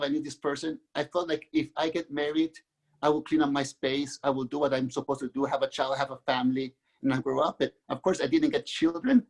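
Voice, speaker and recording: A middle-aged man from Mexico, a guest author, telling his own life story in an earnest, halting way with many restarts. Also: a little high, darkish tone. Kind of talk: candid personal storytelling.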